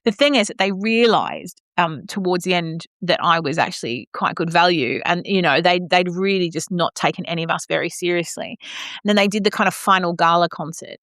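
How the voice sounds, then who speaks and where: An animated Australian woman in casual chat, telling stories with plenty of colour and a few swear words. Her voice sits on the low side for a woman. The sound is close and dry, with no room around it. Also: fairly quick, no room sound. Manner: animated storyteller, mimics voices, swears freely. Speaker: podcast co-host.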